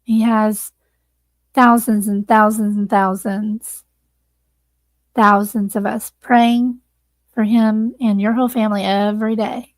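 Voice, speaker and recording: A woman's voice: medium pitch, little pitch movement, slow, long pauses, no room sound. A woman hosting a livestream, earnestly thanking viewers and close to tears. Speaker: livestream host. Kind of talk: casual livestream sign-off.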